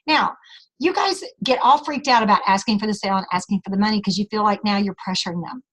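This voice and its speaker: A woman giving a sales training talk, calmly walking the listeners through her script step by step. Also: mid-range voice, quick pace, rough recording.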